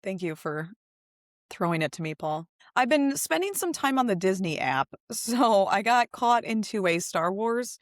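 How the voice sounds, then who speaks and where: A young woman co-hosting a casual podcast, chatting and laughing easily as she trades gossip. She sits close to the mic in a dry room with no echo. Her voice sits at an ordinary middle pitch for a woman. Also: expressive, unhurried. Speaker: podcast co-host. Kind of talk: casual chat.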